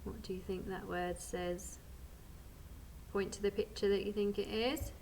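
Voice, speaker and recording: A young woman teaching a phonics lesson to small children, sounding out each letter slowly and encouraging them with praise. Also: medium pitch, steady tone, creaky, darkish tone, a little hiss or hum. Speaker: primary school teacher.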